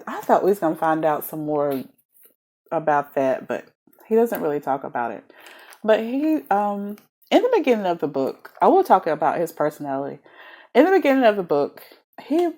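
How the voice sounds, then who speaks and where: A woman giving a casual, chatty book review, talking animatedly and laughing often between thoughts. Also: mid-range voice. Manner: animated, chatty, giggly, many fillers.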